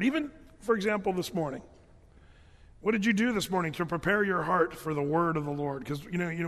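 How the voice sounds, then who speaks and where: A man's voice: sits high, a bit bright, long reverb tail. A man preaching a sermon in a church, conversational and jokey, with frequent restarts. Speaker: pastor. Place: church sanctuary.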